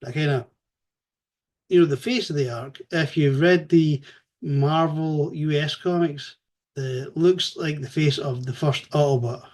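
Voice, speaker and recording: A man giving a casual spoken review, animated and chatty, swearing freely as he retells the story. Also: a little high, a little slow.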